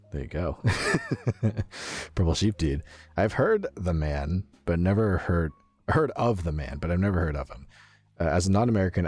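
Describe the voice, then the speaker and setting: A man's voice: low voice, darkish tone. A male streamer with a stuffy nose, chatting casually with his viewers in a rambling, filler-heavy way.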